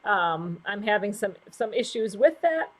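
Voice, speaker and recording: A woman's voice: mid-range voice, big pitch swings, a little slow. A middle-aged woman from the United States hosting a casual livestream, reading out viewer comments in a gushing, emotional way and laughing often. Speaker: livestream host.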